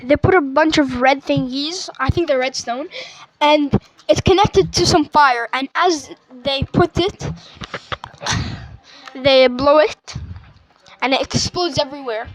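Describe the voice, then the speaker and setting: High-voiced woman rambling through a movie. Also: a little slow, dry recording, rough recording. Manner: rambling, with many fillers and restarts. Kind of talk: casual movie retelling.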